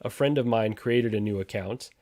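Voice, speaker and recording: A man's voice: on the low side, normal speed, a little mellow, no room sound, studio quality. A man hosting a casual livestream chat, reading out viewer comments and trading sarcastic jabs with a laugh. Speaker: podcast host reading live chat.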